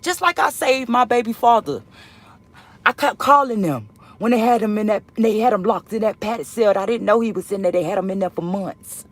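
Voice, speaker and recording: Husky, animated woman telling a story. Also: medium pitch, moderate pace. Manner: emotional, profane, rambling, swinging between loud and hushed. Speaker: storyteller vlogger. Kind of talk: casual storytime monologue.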